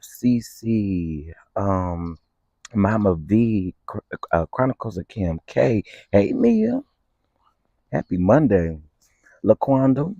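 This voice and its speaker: A man chatting on a casual morning livestream, greeting his viewers one by one in a playful, sing-song way. His voice sits low and warm. The sound is dry and close. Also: no room sound, highs cut off. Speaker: livestream host. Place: outdoors in the morning.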